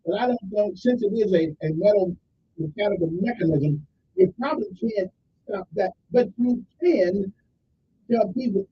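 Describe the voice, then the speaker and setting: High-voiced rambling male radio host. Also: far from the mic, muffled recording, a little hiss or hum. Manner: rambling, keeps asking "okay?". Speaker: radio call-in show host. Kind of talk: casual radio talk.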